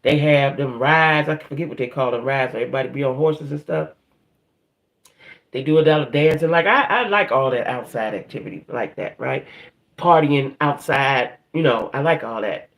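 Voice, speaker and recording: A man's voice: medium pitch, moderate pace, fairly bright tone. A man hosting a livestream in a casual, rambling chat, from the northern United States, who keeps checking in with the audience. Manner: rambling, chatty, keeps checking in with "right?" and "y'all". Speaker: livestream host.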